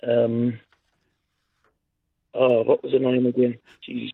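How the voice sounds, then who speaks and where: A man calling a radio show, husky, struggling to recall an answer and trailing off. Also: medium pitch, completely flat delivery, takes it slowly, no echo. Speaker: caller. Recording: tinny phone line.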